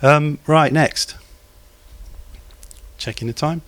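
A man's voice: fairly high pitch, slow, a bit bright. A man preaching a sermon in a church, talking conversationally, putting questions to the congregation and cracking small jokes.

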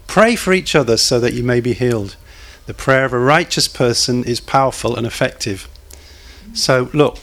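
Male preacher, mid-pitched, chatty sermon delivery with asides to the congregation. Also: fairly bright tone. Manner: conversational, asks the congregation questions, jokes.

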